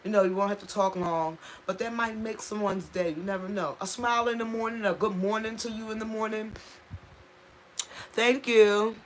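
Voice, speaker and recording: A woman's voice: mid-range voice, fairly even intonation, moderate pace, a little hiss or hum. A woman speaking on a live stream from home, raw and impassioned, repeating herself for emphasis and stopping to thank viewers. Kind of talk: emotional casual live-stream talk.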